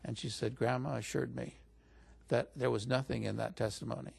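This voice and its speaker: A man's voice: mid-range voice, level tone, brisk, vocal fry, darkish tone, slightly rough. A man as an interview guest, telling a story in a casual way and lifting his voice when he quotes other people. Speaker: interview guest recounting stories.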